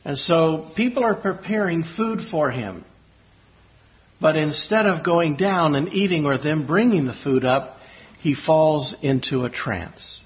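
A man preaching a sermon, telling a personal story in a reflective, halting way with pauses and restarts. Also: fairly high pitch, expressive. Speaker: pastor. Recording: slightly dull lo-fi recording.

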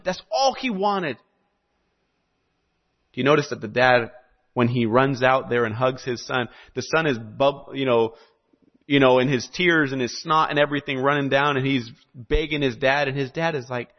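A man's voice: on the high side, normal speed. A man from South America preaching a sermon, telling a story with animation and asking his listeners questions. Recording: slightly muffled recording.

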